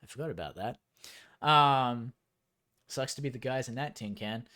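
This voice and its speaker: A man reads a novel aloud on stream and keeps stopping to mock it with dry sarcasm. He talks at an unhurried, drawn-out pace and wanders off into long, rambling tangents. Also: medium pitch, pushed and bright. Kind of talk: reading aloud with sarcastic commentary.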